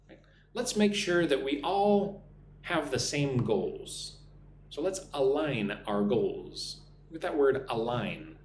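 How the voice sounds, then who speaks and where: Lively-voiced male English teacher, roomy. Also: medium pitch. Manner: slow, deliberate pronunciation drilling; encouraging, thanks viewers by name. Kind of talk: live-streamed English lesson. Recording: roomy echo with faint hum.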